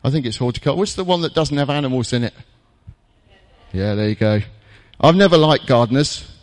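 A man preaching a jokey, conversational sermon in a church, with dramatic pauses. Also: mid-range voice, big-room sound.

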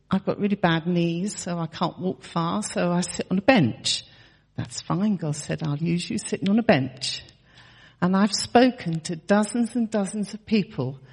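A woman's voice: fairly low pitch, darkish tone, slightly rough, long reverb tail. A woman in her sixties telling a personal testimony in a chatty storytelling way, laughing often and restarting her sentences. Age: 60s. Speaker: church member sharing testimony.

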